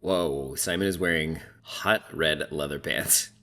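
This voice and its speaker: Deep-voiced chatty man recapping TV. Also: unhurried, bright, forceful tone. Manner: chatty, gossipy, heavy use of "like". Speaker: reality TV recap commentator. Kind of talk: casual recap commentary.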